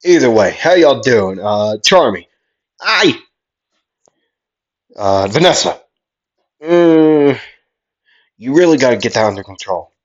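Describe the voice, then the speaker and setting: A man's voice: mid-range voice, very animated, slow, long pauses, lo-fi sound. A man playing a brash, cheerful young knight. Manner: loud, friendly, teasing greetings.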